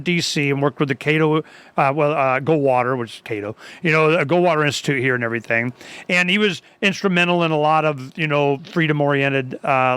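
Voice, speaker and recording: A man hosting a talk radio show, his voice pitched high and bright. He rambles loosely, stumbles over restarts, and leaps into animated quoted dialogue. The sound is close and dry. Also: smooth, dry recording. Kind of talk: casual talk radio conversation.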